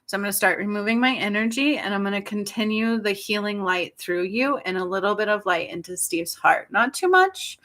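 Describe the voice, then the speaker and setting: A woman in her forties hosting a spiritual healing livestream, talking softly and tenderly, tearful and apologetic. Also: mid-range voice, lively intonation, fairly quick, few pauses. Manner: soft, tender and tearful, with frequent apologies and laughs. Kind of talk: emotional livestream talk.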